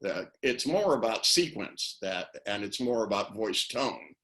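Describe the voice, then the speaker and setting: A man's voice: lowish voice, lively intonation, unhurried, fairly bright tone. An older man on a video call, talking casually and rambling through anecdotes, acting out the phrases he quotes. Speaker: interviewee, NLP trainer. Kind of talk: casual webinar talk.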